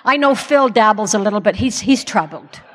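There's slight background noise and a long hall reverb as a pastor's wife in middle age candidly recounts her story to the congregation. Her mid-range voice is expressive and fairly bright, her pace moderate, and she laughs at herself.

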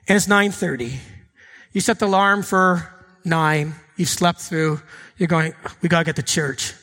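A man acting out a sleepy, reluctant male churchgoer, grumbling in a low, weary voice. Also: measured pace, a bit bright, long reverb tail.

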